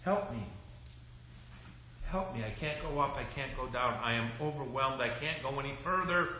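A man's voice: mid-range voice, moderate pace, bright, forceful tone, heavy reverb, a little hiss or hum, voice pushed up, lightly acted, poor audio. A man voicing a frightened little girl stuck on a slide, crying out in panicked pleas. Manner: pleading, panicked cries.

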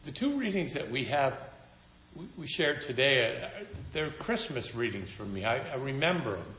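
A man's voice: medium pitch, big pitch swings, normal speed, bright, forceful tone, a little hiss or hum. A man preaching a sermon in a conversational, storytelling manner with wry humor. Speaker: pastor. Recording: echoey room.

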